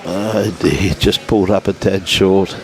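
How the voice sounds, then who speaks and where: Aussie bloke calling lawn bowls live outdoors, low voice, chatty and matey. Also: male voice, steady tone, measured pace, a crowd in the background, poor audio. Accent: Australian. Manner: chatty, matey, greets viewers by name. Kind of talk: live sports commentary.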